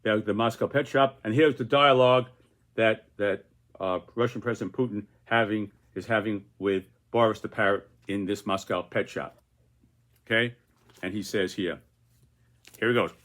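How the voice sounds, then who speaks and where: A man's voice: on the low side, fairly even intonation, normal speed, a bit bright. An older man who is a political cartoonist, talking through his cartoon in a rambling, casual way with many repeated restarts. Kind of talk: casual video commentary.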